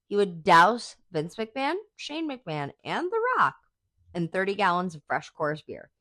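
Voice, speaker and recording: Host: woman, low voice, dry close sound, swears freely, gushing fan chatter. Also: a bit bright, no room sound. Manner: chatty, profane, enthusiastic fan talk with many "like"s. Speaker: podcast host. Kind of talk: casual chat.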